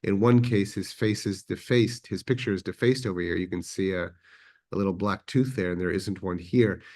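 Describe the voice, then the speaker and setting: A man's voice: low voice, normal speed, a little mellow. A man teaching a history lecture to a class in a conversational way, with fillers and self-corrections. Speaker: adult education teacher. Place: synagogue classroom.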